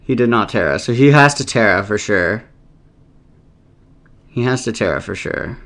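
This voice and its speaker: A man's voice: lowish voice, lively intonation, normal speed, a bit bright. A man giving casual, rambling live commentary while playing a competitive game, thinking aloud and swearing often out of exasperation.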